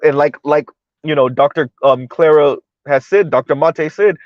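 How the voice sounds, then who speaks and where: A man's voice: a little high, normal speed, no room sound, dull audio. A man hosting a livestream of political commentary, talking emphatically and checking in with the audience by asking "right?" again and again. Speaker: livestream host.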